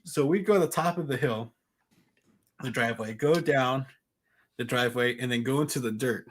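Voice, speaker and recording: A man's voice: mid-range voice, normal speed. A young man co-hosting a podcast, telling a childhood story in casual chat and laughing often. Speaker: podcast co-host.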